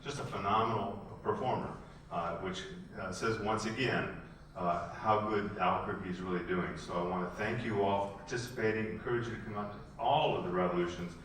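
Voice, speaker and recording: A man's voice: lowish voice, brisk, fairly bright tone, distant mic, slight background noise. A man giving a formal welcome speech as a city official, hesitant and full of "uh" fillers. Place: theatre stage. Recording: echoey theatre, recorded from afar.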